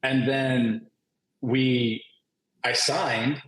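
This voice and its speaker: Animated, laughing man in an echoey room. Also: mid-range voice, very slow, a little hiss or hum. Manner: animated storyteller, laughs often, many "like" fillers. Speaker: comic creator, panel guest. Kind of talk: casual anecdote on a virtual panel. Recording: roomy echo.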